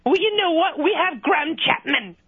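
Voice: very high-pitched, animated, normal speed, no echo. A caller voicing a crude, mouthy English woman scolding her ex-boyfriend over a phone line. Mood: brash. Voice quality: loud, mouthy, insulting. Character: brash crude London woman, angry ex-girlfriend.

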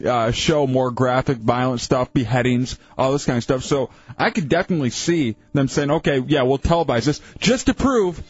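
Man, radio co-host, relaxed, casual chat, dry muffled sound. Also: medium pitch, normal speed, hardly any pauses, breathy edge, no echo.

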